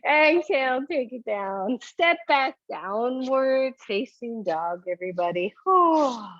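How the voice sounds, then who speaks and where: A woman's voice: high-pitched, lively intonation, slow pace, a bit bright, dull audio. A woman teaching a home yoga class, giving encouraging cues with a chatty manner and frequent light laughs.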